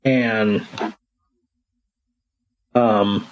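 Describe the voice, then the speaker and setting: Slow-talking man recapping casually. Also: fairly low pitch, fairly even intonation, highs cut off, a little hiss or hum. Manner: slow, rambling recap with crude jokes and quick character voices. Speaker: podcast host recapping an episode. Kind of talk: casual chat.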